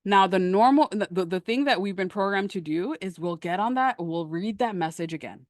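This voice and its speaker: A woman coaching on a live stream in a lively, emphatic, conversational way, answering questions from the chat. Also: medium pitch, moderate pace, few pauses, no room sound, clean studio sound. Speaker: manifestation coach.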